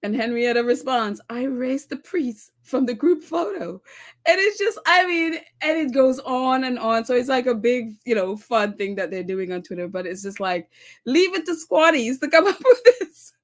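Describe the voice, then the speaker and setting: High-voiced woman chatting and giggling through viewer comments, pitch jumping all over. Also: moderate pace. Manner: animated, laughs often, reads comments aloud. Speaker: commentary channel host.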